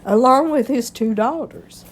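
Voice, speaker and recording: A woman hosting a history channel with a stuffy, congested nose, reading an article aloud haltingly, with slips and throat clearing. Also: high voice, a little hiss or hum.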